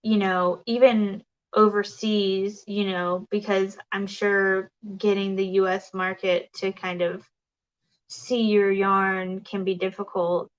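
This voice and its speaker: A woman's voice: mid-range voice, flat delivery, slow pace, smooth, muffled recording. A woman hosting a casual crafting livestream, chatting and reading viewer comments, rambling with many fillers and restarts.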